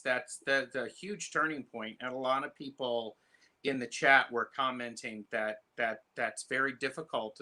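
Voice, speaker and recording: Bright-voiced male host, encouraging. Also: medium pitch. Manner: supportive listener giving short affirmations. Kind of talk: casual interview chat.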